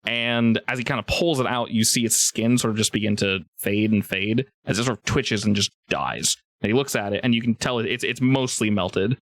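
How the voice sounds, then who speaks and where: A man's voice: lowish voice, normal speed, hardly any pauses, a bit bright, no echo, clean studio sound. A man narrating as game master in a rambling, laughing way with many restarts.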